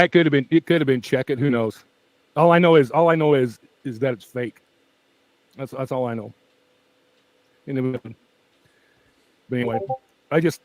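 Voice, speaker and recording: A man rambles through a casual livestream from home, emphatic and quick to laugh. His voice sits a little high and thin, and he has little voice to spare. He speaks very close to the mic, so the sound is dry and intimate. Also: no room sound, rough recording. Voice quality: weak voice that tires easily. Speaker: true-crime channel host. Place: at home with pets. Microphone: very close to the microphone.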